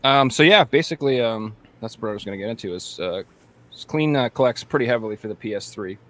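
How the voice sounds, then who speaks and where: A man hosting a casual podcast, talking at a mid-range pitch for a man. He rambles and jokes, trips over his words and circles back with plenty of fillers. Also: lively intonation, fast, a bit bright. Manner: rambling, jokey, lots of fillers and restarts. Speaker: podcast host. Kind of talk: casual chat.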